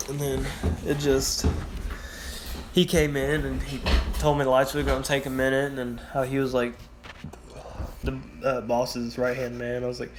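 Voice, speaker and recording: A gas station worker shares loose, wandering work anecdotes in a casual vlog, cursing often and acting out the people he serves. His voice is medium in pitch and level in tone, his speed is normal, and he pauses often over slight background noise.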